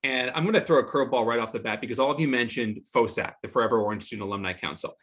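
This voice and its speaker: A middle-aged man hosting an online event over a video call. His voice sits at a medium pitch. He speaks in a measured, welcoming way. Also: fairly bright tone. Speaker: alumni event host.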